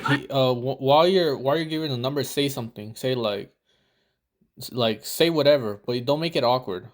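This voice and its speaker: A man talking over a video as a dating coach, loose and rambling, with plenty of swearing. He keeps slipping into the lines he would say himself. His pitch sits in an ordinary middle range. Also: fairly quick, a little hiss or hum. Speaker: dating coach reviewing footage. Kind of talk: casual reaction commentary.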